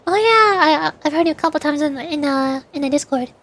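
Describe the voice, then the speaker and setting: A woman's voice: high voice, lively intonation, brisk, a bit bright. A woman streaming a game as a VTuber, chatting playfully with her viewers. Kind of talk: casual gaming stream chat.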